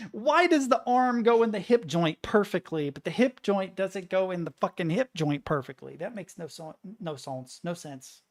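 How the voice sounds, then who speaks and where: A woman streaming live and chatting casually to her viewers. She swears freely and mutters to herself, then bursts out loud. Her voice sits a little low. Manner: swearing, excitable, muttering between outbursts.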